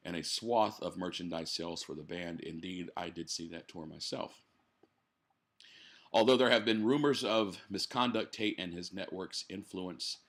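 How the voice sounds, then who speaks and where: A man's voice: low-pitched, a bit bright. A man hosting a podcast from his living room, reading a news article aloud and breaking off for blunt, profane asides while he drinks. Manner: blunt, swears freely, drinks while talking. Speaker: podcast host.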